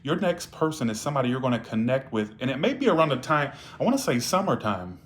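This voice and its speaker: A fast-talking man with a mid-range voice and big pitch swings gives a live-streamed tarot reading over a faint hiss or hum. Casual, blunt, and profane, he tells viewers off and drops "all right?" into his lines.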